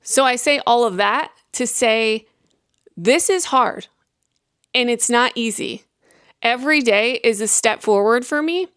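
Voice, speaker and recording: Woman, young adult, podcast host, earnest, rambling, candid chat, fairly high voice. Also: unhurried, fairly bright tone, smooth, no room sound, studio quality. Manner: earnest, rambling with restarts and quoted self-talk. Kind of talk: candid personal talk.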